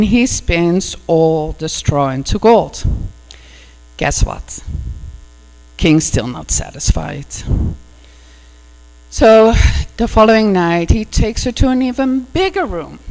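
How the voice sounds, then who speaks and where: In a church hall, a woman minister with a mid-range, slightly mellow voice delivers a sermon, retelling a fairy tale conversationally and sprinkling in lots of "you know" asides. The recording has hall echo and a mains hum.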